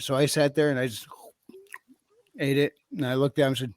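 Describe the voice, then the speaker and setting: A man's voice: on the high side, steady tone, moderate pace, darkish tone, no echo, clean studio sound. A man telling easygoing, self-mocking anecdotes on a casual podcast panel. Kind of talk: casual storytelling.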